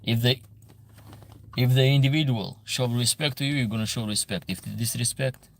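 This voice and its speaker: Gravelly man lecturing his chat. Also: medium pitch, moderate pace. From Albania. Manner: earnest, lecturing, broken English. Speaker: livestream host reading chat. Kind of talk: casual livestream chat.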